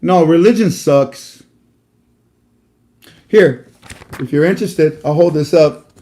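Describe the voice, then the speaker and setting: A man's voice: a little high, slow, dark tone. A man hosting an online talk, speaking casually and preachily about faith, rambling with many fillers and restarts. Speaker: host. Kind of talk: casual religious talk to viewers.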